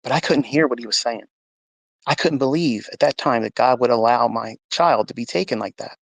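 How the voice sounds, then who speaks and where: A man with a medium-pitched, slightly fast voice and some vocal fry shares an emotional personal testimony of faith, earnest and emphatic, acting out the dialogue as he goes. He's at home, speaking into a phone for a live audio chat, and the recording is dry.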